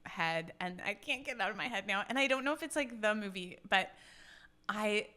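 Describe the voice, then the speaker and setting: A woman's voice: mid-range voice, animated, brisk, sharp tone. A woman who is an actor and a guest on a podcast, talking in a self-deprecating way with frequent giggles. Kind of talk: casual interview chat.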